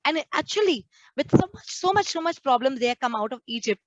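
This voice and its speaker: High-voiced nun preaching earnestly. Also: female voice, expressive, brisk, no echo, dull audio. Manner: earnest, acts out quoted complaints. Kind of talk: prayer group sermon.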